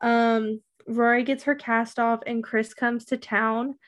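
A woman's voice: fairly high pitch, level tone, slow. Chatty woman recapping with lots of fillers. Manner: rambling, many fillers and likes. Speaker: podcast co-host. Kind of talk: casual chat recapping a TV show.

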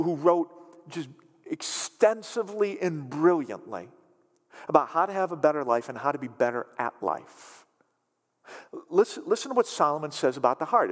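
A male pastor preaching a sermon, emphatic and repetitive, moving between quick runs and slow drawn-out words. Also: a little high. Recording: long reverb of a large hall.

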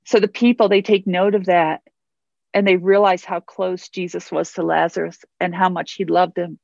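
A woman's voice: on the low side, level tone, normal speed, gravelly, a little mellow, no room sound, highs cut off. A woman pastor preaching a sermon in an earnest way, repeating phrases for emphasis.

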